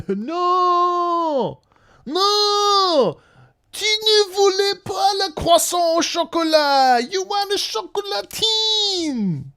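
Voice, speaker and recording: A man putting on an excitable French man who shouts in a high, exaggerated, mocking voice. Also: drawn-out words, full character voice.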